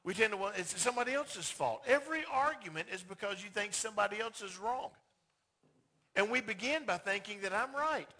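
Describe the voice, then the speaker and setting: A man preaching with a high, bright voice that cuts through. He speaks emphatically and directly to his congregation. He often slips into short acted-out dialogues to drive his points home. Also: expressive, fairly quick. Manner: emphatic, acts out quoted dialogue in skits. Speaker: pastor. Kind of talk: sermon.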